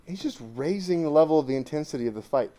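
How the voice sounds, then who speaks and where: A man preaching to a church assembly, reading scripture and then commenting on it emphatically, swinging between loud stresses and hushed asides. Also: on the high side, animated, quick pace.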